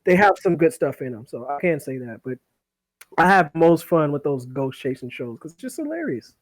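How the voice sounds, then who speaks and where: A man talks casually on a podcast, his voice sitting a little higher than most. He rambles, repeats words as he goes and breaks into laughs. The sound is dry, close and free of room echo. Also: very animated, moderate pace. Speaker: podcast host. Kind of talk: casual chat.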